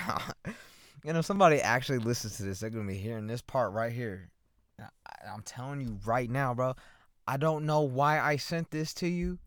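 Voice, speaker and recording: A man's voice: mid-range voice, no echo, clean studio sound. A young man from Oklahoma talking alone into a microphone in his parked car, loose, profane and rambling as host of a solo chat. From Oklahoma, USA. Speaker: podcast host. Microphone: microphone with headphones.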